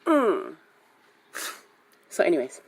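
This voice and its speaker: Animated woman telling a story, lowish voice. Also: takes it slowly, breathy edge. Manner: animated, acts out quotes, repeats herself for emphasis. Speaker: radio show host. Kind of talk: casual storytelling.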